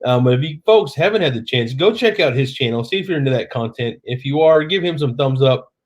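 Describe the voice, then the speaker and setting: On a casual live stream late at night from his home, a middle-aged man from Oklahoma reads viewer comments aloud, his Southern accent colored by being a bit tipsy from drinking. He talks fairly quickly in an expressive, medium-pitched voice.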